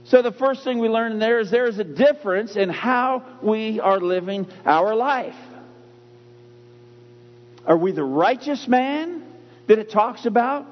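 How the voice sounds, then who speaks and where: A man preaching a sermon in a church. He talks emphatically and repeats key phrases with slow, drawn-out stress. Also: sits high, lively intonation. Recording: dull recording with long hall reverb.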